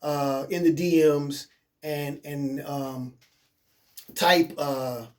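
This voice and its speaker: A man's voice: a little high, steady tone, drawn-out words, a little mellow. A man giving a coaching webinar in a casual, encouraging way, who repeats points and keeps checking in with "okay?". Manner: casual, encouraging, plain-spoken. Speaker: life coach.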